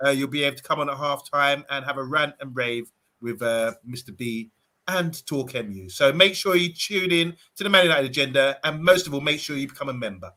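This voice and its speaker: A man's voice: medium pitch, fairly quick, sharp tone. A man hosting a casual fan panel chat, chatty and promotional with fillers. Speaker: show host.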